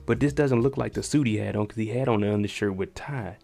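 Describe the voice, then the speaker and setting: Low-voiced man chatting through a recap. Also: fast, vocal fry. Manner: animated and chatty, slangy, laughs often. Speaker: channel host recapping a TV episode. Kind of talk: casual recap commentary.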